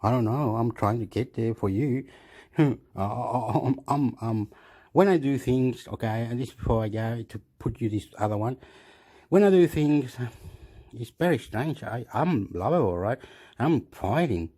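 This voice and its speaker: A man's voice: medium pitch, animated, normal speed, mellow. A man from Chile, telling a rambling story with frequent laughs and stammered restarts. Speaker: vlogger.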